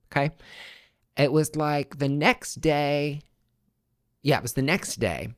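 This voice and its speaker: A young man in the host's chair tells his own story in a loose, casual way, dropping swear words and lurching from near-whispers to excited outbursts. His voice sits at an ordinary middle pitch. The sound is close and dry, with almost no room echo. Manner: expressive, swears freely, big swings between hushed and excited. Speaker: podcast host.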